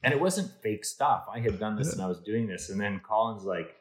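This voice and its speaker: A man's voice: on the low side, brisk, poor audio. A middle-aged man, an insurance executive, telling stories on a podcast and acting out the dialogue. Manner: animated anecdotes, acts out quoted dialogue. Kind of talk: casual storytelling interview.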